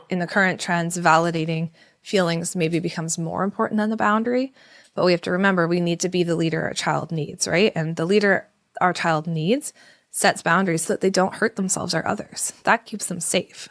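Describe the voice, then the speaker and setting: A woman in her thirties, a parenting educator, explaining in a relaxed podcast conversation and acting out calm, soothing talk to a child. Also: lowish voice, no room sound, studio quality. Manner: acts out parent-child dialogues in a gentle soothing voice.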